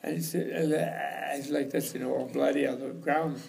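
A man's voice: mid-range voice, steady tone, fairly quick, vocal fry, darkish tone. A man giving an informal teaching talk at a retreat, rambling and chuckling as he tells stories. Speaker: lecturer. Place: retreat hall.

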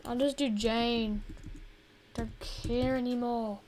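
A woman's voice: on the high side, fairly even intonation, takes it slowly, a little mellow, a little hiss or hum. A woman giving casual gameplay commentary, chatty and easily exasperated as she plays. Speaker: gaming video host.

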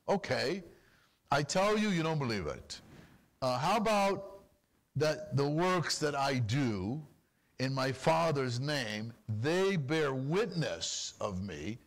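A man preaching a sermon as pastor, animated and full of rapid rhetorical questions. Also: a little high.

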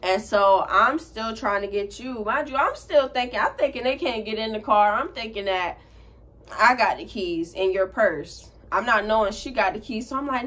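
A young woman co-hosting a casual storytime vlog, animated, swearing freely and laughing as she tells it. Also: on the high side, moderate pace. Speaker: co-host telling a story.

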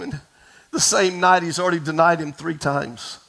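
A pastor delivers a sermon in a high, bright voice. He tells the story with drama, falling to near whispers and climbing to shouts as he speaks right to his congregation. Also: animated, moderate pace, gravelly, rough recording. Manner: dramatic storytelling, dropping to a hush and rising to shouts; addresses the congregation directly.

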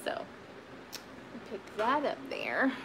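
A vintage reseller chats casually in a haul video, showing off her finds and rambling with lots of fillers and restarts. Her voice sits on the high side and is very animated but very slow, with a noisy background behind her. She comes across as sweaty and warm.

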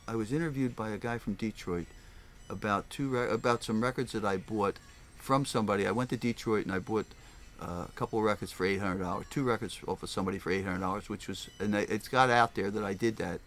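With a lowish voice and a fast pace, an older man who runs a record store spins rambling, casual stories in an interview. He comes from the Philadelphia area, US, and he animatedly performs the voices of the people he quotes.

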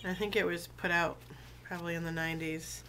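A woman who has been sick, her voice lower than usual, chatting casually with many fillers and reading poems aloud in a slow, deliberate way. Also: level tone, bright, forceful tone, a little hiss or hum. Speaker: video blogger reading poetry.

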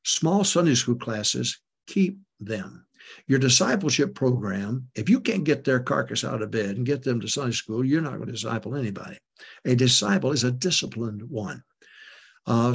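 A man's voice: mid-range voice, vocal fry, slightly rough. An older man, a pastor, giving folksy, emphatic preaching talk to church leaders, chuckling often.

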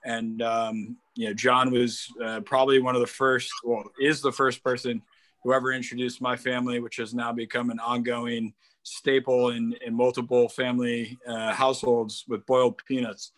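A man's voice: medium pitch, little pitch movement, moderate pace, fairly bright tone. A young man from Connecticut telling a light, rambling memory on a video call.

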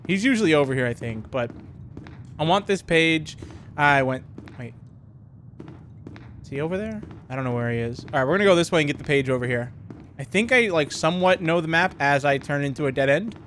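High-voiced young man panicking through a game. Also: slight background noise. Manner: panicky, repeats words rapidly when scared. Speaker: gaming YouTuber. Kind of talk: horror game commentary.

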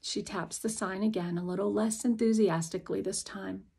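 A woman's voice: medium pitch, fairly even intonation, moderate pace, vocal fry, few pauses, mellow, slightly rough. A woman reading an audiobook aloud in the first person, speaking as a young girl telling her own story. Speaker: audiobook narrator.

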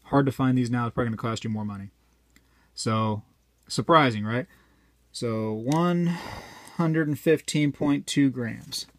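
A man's voice: medium pitch, measured pace, pauses often, dry recording. A chatty man talks straight to his viewers in a loose, rambling way and cracks small jokes between readings from a scale. His voice sits in an ordinary middle register. The sound is dry and close, with no room around it. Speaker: coin collector vlogger. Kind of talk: casual talk to camera while weighing coins.

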